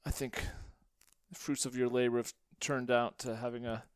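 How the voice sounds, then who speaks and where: A man's voice: mid-range voice, little pitch movement, moderate pace, clean tone, no room sound. A man hosting a podcast, chatting casually and joking playfully with his guest on a close microphone. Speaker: podcast host. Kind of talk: casual chat.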